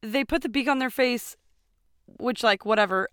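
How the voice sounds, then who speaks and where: A woman's voice: fairly high pitch, normal speed, a bit bright, no echo, clean studio sound. A woman co-hosting a casual history podcast, explaining with playful, sarcastic asides and laughter. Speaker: podcast co-host.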